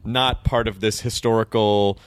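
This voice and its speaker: A man hosting a talk show, chatting in a joking, halting way. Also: lowish voice, fairly even intonation, clean tone, dry recording. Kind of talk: casual chat.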